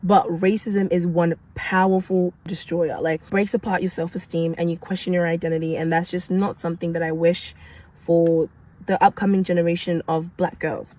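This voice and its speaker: A young woman from Kenya, a nurse, telling a personal story to camera in an animated, emphatic way, with repetition and vocal sound effects. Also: fairly low pitch, rough recording. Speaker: nurse sharing her story.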